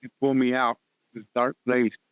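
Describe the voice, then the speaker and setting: A man telling a personal testimony in conversation, halting and earnest, often repeating words. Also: medium pitch, level tone, clear, resonant tone, no room sound, lo-fi sound. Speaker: guest sharing testimony. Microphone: podcast studio mic.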